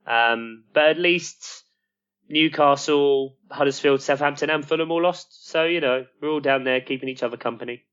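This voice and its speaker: Casting: bantering male podcast co-host, slightly high voice, dull lo-fi recording. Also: normal speed, fairly bright tone, clean tone. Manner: laughing, self-mocking banter. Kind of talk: casual chat.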